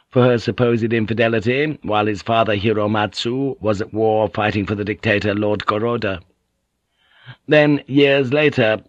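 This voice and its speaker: Male audiobook narrator, measured and steady, dry close recording. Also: fairly low pitch, no room sound, lo-fi sound. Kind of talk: scripted narration.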